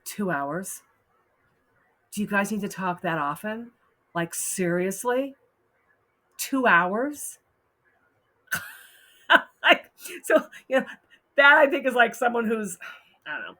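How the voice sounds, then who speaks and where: A woman's voice: medium pitch, lively intonation, unhurried, pauses often, sharp tone. A woman hosting a casual advice talk, frank and blunt, often laughing as she reads out posts. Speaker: host giving advice.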